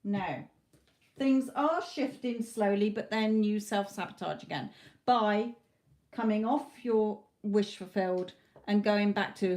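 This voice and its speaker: A woman's voice: medium pitch, a little slow, a little mellow. A British woman doing a live psychic tarot reading, talking straight to a viewer with blunt, motherly advice and a repeated "okay?". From Britain.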